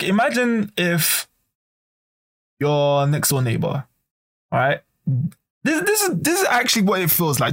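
A man with a gravelly, creaky voice sits a little higher than most men. He talks in a loose, casual rant, swears freely, and acts out what other people might say. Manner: ranting, swearing, animated, acts out quoted voices. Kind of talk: casual monologue to camera.

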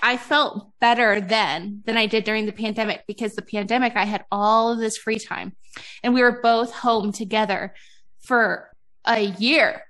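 A woman's voice: fairly high pitch, steady tone, moderate pace, fairly bright tone. A woman in her thirties hosting a podcast, chatting casually, laughing often and peppering her talk with "like". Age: 30s. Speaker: podcast host. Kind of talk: casual chat.

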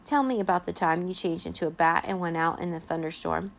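A woman's voice: lowish voice, a little fast, creaky. A woman voicing a nervous, eager nine-year-old boy vampire in a children's storybook reading. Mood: flustered.

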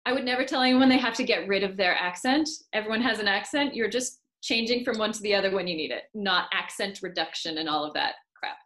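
A woman's voice: medium pitch, fast talker, hardly any pauses, fairly bright tone. A woman working as an accent coach, explaining her views firmly in a podcast conversation. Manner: firm, opinionated explanations.

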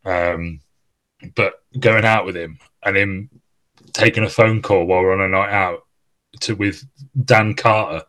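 A man's voice: low voice, steady tone, a little slow, pauses often, a bit bright. A man hosting a podcast, reminiscing in casual chat with a former teammate, rambling and laughing often as he talks.

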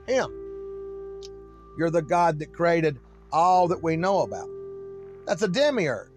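A man with a high voice delivers a rambling sermon, confronting and challenging his listeners. Faint music plays softly behind his voice. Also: expressive, slow pace, long pauses. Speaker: self-styled preacher. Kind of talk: ranting sermon monologue.

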